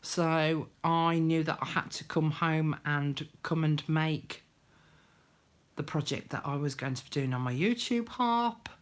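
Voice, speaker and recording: An older woman with a low voice chats casually as she hosts a crafting live stream. She greets viewers one by one and slips into soft, half-whispered murmurs while she works with her hands. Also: measured pace.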